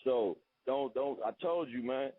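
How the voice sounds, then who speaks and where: Defiant caller on a tinny phone line. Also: male voice, mid-range voice, unhurried, slightly rough, dry recording. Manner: insistent, defiant, stumbling repeats. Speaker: radio caller. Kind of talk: heated argument on a call-in show.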